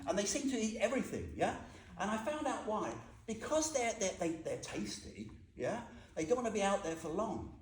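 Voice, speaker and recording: A man's voice: sits high, sing-song, moderate pace. Chatty man teaching in an echoey hall. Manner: chatty and humorous, asks the audience questions. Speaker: Buddhist teacher. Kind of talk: informal dharma talk to a group. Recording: echoey room with faint noise.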